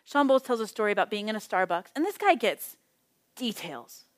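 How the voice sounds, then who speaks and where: A middle-aged woman teaching a Bible study in a casual, conversational way, telling stories with lively acted-out quotes. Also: mid-range voice, brisk.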